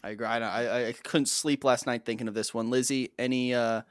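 A man's voice: mid-range voice, steady tone, brisk, clear, resonant tone. A man with a mid-range voice presenting joke awards on a comedy podcast. He reads the categories with dry, mock-formal seriousness. The sound is dry and close, with no room echo. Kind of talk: casual comedic chat.

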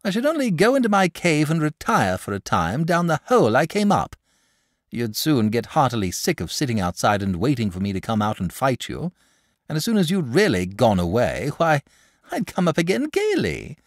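A man voicing a gentle, nervous and fussy male dragon in a storybook reading, polite and anxious. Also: medium pitch, huge pitch swings, moderate pace, no echo, studio quality, voice pushed up. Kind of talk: audiobook character voice.

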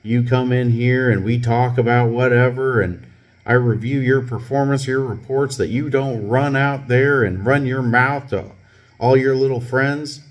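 A man's voice: medium pitch, fairly even intonation, a little slow, pitched above the performer's own voice, lightly acted. A man voicing an angry, unethical male police sergeant who barks accusations. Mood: accusing. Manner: barking, accusing, indignant.

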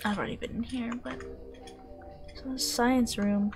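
A woman's voice: fairly high pitch, fairly even intonation, moderate pace, over music. Young woman mumbling gameplay asides. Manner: mumbling, joking asides, swears. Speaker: gaming channel host. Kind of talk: casual let's-play commentary.

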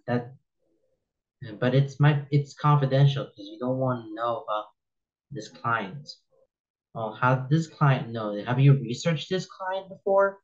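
A man's voice: mid-range voice, lo-fi sound. A man giving casual commentary as he reads posts aloud, rambling and opinionated, often repeating himself and restarting sentences. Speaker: reaction video host.

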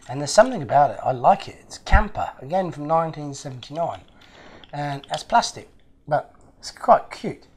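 A man's voice: on the high side, slight background noise. An Australian man chatting casually while unboxing toy models as host of his channel, rambling and joking at his own expense. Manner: chatty, rambling, self-mocking jokes. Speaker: model car restorer and YouTuber.

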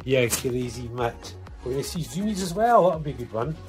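A man's voice: medium pitch, expressive, a little fast. A man, a father, chatting casually to his viewers in a family vlog and calling them guys. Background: background music.

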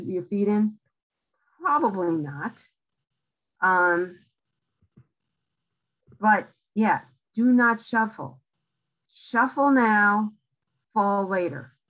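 A woman giving a library lecture at a slow, deliberate pace. She coaches in short, emphatic phrases and keeps checking in with her listeners. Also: mid-range voice, poor audio. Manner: direct, coaching, frequent "okay?" checks. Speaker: lecturer on aging in place. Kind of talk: public library talk.

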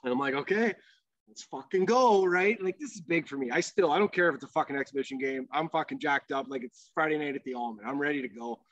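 A man's voice: mid-range voice, fast talker, hardly any pauses, a bit bright, no room sound. A man who is a former hockey goalie, telling a casual, rambling story as a podcast guest and swearing freely. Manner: profane, rambling storyteller with many fillers. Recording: dull lo-fi podcast audio.

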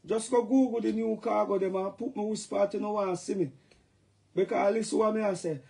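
A man's voice: high-pitched, vocal fry, a little mellow. A middle-aged man with a Jamaican accent, talking in patois on a casual, joking livestream rant.

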